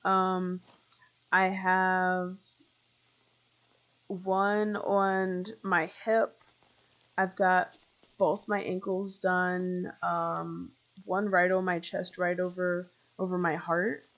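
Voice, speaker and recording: A young woman streams a game while chatting casually with her viewers, rambling from one story to the next with plenty of fillers. Her voice sits a little on the low side. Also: little pitch movement, very slow, fairly bright tone, rough recording. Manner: talks to chat viewers directly. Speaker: gaming live streamer. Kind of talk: casual chat while playing.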